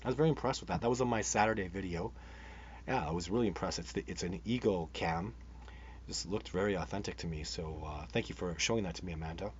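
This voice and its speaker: A man's voice: deep voice, fast talker. A man hosting a live show, chatting with viewers as he reads their comments, rambling and enthusiastic with many restarts. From Canada. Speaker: host of a live Bigfoot show. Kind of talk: live-stream chat answering viewer comments. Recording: dull sound with faint background noise.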